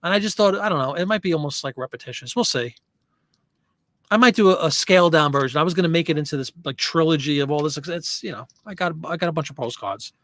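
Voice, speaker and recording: A man's voice: on the high side, quick pace, fairly bright tone, no echo. A man hosting a casual live stream, chatting loosely and answering viewer comments as he rambles. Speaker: host.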